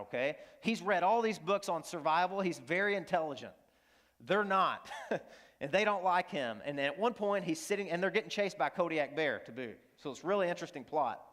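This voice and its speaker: Earnest preacher with a high-ish voice in an echoing hall. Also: male voice, fairly bright tone. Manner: earnest, repeats lines for emphasis, asks the audience questions. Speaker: pastor. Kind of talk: sermon. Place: high school auditorium. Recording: long hall reverb from the auditorium.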